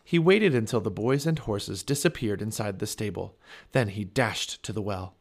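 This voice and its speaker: A man reading a children's chapter book aloud, with expressive storybook narration. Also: fairly low pitch, normal speed. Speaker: family podcast reader.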